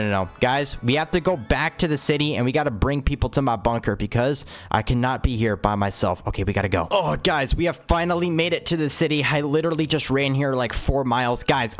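A young man hosting a gaming video, excitable and exclamatory, talking straight to his viewers. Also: mid-range voice. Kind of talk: game commentary.

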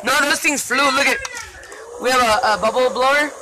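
A woman filming a backyard party, chatty and excitable, laughing often and calling out to the kids and the dogs. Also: sits high, moderate pace. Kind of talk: casual home video narration. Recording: noisy outdoor phone video.

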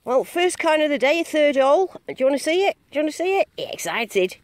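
Bubbly high-voiced woman. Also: very animated, fast talker. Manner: bubbly, chatty, repeats herself in delight. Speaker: metal detecting vlogger. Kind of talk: excited casual running commentary. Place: outdoor field dig.

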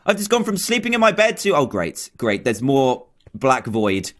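A man's voice: mid-range voice, huge pitch swings, normal speed, fairly bright tone. A man hosting a gaming video, giving jumpy let's-play commentary, exclaiming often and talking to the game's characters.

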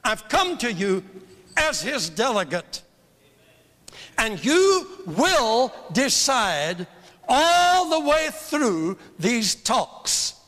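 A man's voice: very high voice, sing-song, very slow, a bit bright. Fervent older male evangelist, echoing hall. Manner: emphatic, fervent, repeats phrases for emphasis. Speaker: evangelist teaching a seminar. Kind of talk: sermon-style seminar teaching. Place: church hall. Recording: long reverb of a large hall.

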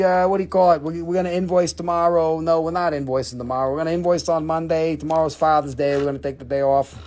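A man's voice: sits high, a little mellow. A man hosting a live shop stream, talking casually, joking and swearing as he prices items. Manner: joking, profane, rambling. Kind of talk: casual live sales chat.

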